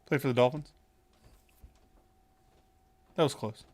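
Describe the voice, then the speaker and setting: A man's voice: medium pitch, slow pace, a little mellow. A young man hosts a casual sports chat and runs through a list of coaching news. He talks loosely, with plenty of "uh" and "um" and a few curses. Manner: reads through coaching news, many fillers, swears. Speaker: podcast host.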